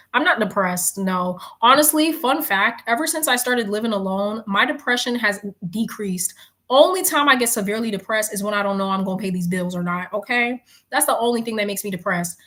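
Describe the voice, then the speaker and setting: A woman doing a casual live tarot reading, chatting, animated and swearing casually. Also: medium pitch. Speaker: live-stream tarot reader. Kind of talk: casual live-stream chat.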